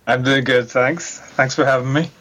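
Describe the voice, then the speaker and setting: A man's voice: medium pitch, fairly even intonation, moderate pace, a bit bright. A man appearing as a guest on a casual podcast, giving short, friendly answers.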